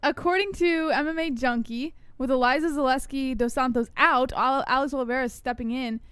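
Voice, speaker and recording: A woman with a high, smooth voice reads news items briskly and with some amusement. Her voice is recorded close and dry. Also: steady tone, a bit bright, no echo. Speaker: co-host reading the news. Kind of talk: casual chat and news reading.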